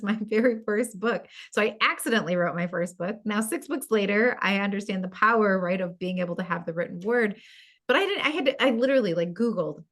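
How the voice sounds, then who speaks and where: A middle-aged woman, a podcast guest, telling a personal story in an animated way, with many asides. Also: medium pitch. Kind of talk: storytelling in an interview.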